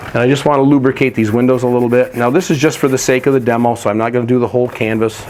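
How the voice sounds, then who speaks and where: A man gives a step-by-step painting demonstration, talking through each stroke in a relaxed, practical way. His voice sits at an ordinary pitch. A faint noise hangs behind him. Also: very fast. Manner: relaxed, practical, explains while working. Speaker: painting instructor.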